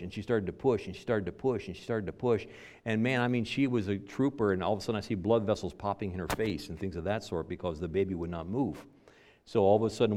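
A middle-aged man preaching a sermon, telling a personal story with frequent restarts and swings between loud and soft. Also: medium pitch. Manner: lively storytelling, repeats words, varies volume widely.

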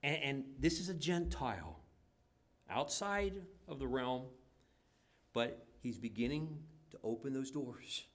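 Guy preaching a sermon, gets loud then drops real soft, acts out the quotes. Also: medium pitch, animated, a little slow. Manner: swings from loud emphatic preaching to soft near-whispered intimacy; acts out quoted lines in voices. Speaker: pastor.

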